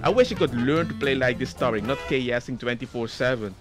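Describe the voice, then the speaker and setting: A man giving excitable, jokey commentary over gameplay footage. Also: medium pitch, a little fast, music in the background. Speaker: video creator.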